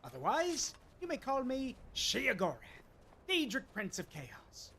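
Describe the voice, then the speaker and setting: A streamer voicing a manic, theatrical male god of chaos from a video game, with drawn-out words and sudden loud outbursts. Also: high voice, huge pitch swings, husky, pitched above the performer's own voice, heavily acted. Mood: grandiose.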